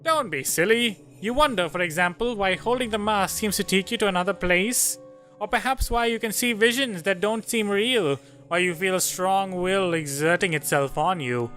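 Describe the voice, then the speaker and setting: A man voicing a courteous, rambling old male historian who talks in a slow, formal way, with faint game music behind. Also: high voice, a bit bright, pitched above the performer's own voice. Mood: knowing.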